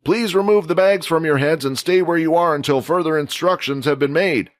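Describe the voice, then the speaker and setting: A man's voice: on the high side, fairly quick, pitched above the performer's own voice, lightly acted. A man voicing an old male general who gives firm orders to a crowd of students, in an audio story. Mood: commanding. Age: older.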